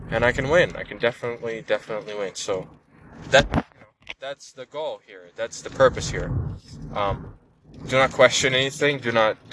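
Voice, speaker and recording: An earnest man vlogging to his viewers, circling back and repeating words as he talks, with the of someone who learned it later. His voice sits mid-pitch, and a faint hum of a vehicle runs beneath it. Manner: earnest, rambling, many restarts and repeated words. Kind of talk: casual personal vlog monologue.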